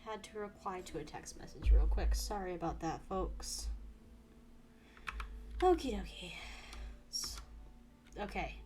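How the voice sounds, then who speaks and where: A woman streaming a game with casual commentary, excitable and swearing freely, swinging from quiet muttering to loud exasperated outbursts. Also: fairly low pitch, measured pace, pauses often, background noise.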